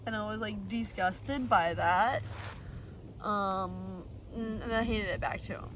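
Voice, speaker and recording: A woman's voice: mid-range voice, slow pace, fairly bright tone, distant mic, a little hiss or hum, rough recording. A young woman vlogger telling a personal story in a rambling, blunt way, full of fillers and the odd swear. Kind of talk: casual storytelling.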